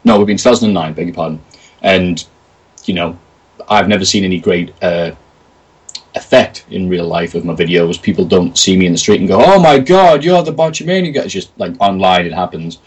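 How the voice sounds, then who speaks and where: Husky British man, chatty and distant. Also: sits low, steady tone, a little fast. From Britain. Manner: chatty, jokey storyteller acting out quotes. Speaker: interview guest, video creator. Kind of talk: casual interview chat.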